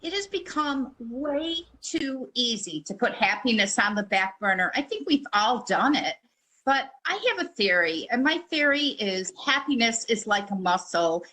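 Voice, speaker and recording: Female empowerment coach, bright and fairly high voice, confident and upbeat. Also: animated, measured pace, poor audio. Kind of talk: remote interview.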